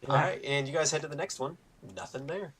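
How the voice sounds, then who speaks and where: A man's voice: on the high side, fairly even intonation, fast, fairly bright tone, husky, low-quality recording. A man narrating as game master, casual and full of fillers.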